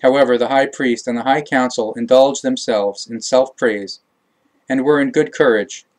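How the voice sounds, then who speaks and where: A man reading a religious text aloud as an audiobook narrator, measured, with occasional self-corrections. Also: mid-range voice, fairly even intonation, darkish tone, poor audio.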